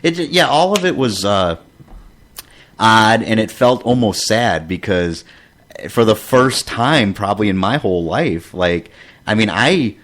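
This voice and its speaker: A male podcast co-host with a somewhat low voice talks in a relaxed, reflective way. He rambles through his thoughts with frequent fillers and restarts. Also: unhurried. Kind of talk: casual chat.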